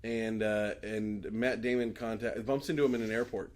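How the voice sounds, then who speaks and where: A man's voice: on the low side, steady tone, normal speed. A man co-hosting a podcast in casual chat, rambling, swearing and laughing often. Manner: rambling, swearing, laughs often, retells scenes in put-on voices. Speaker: podcast co-host.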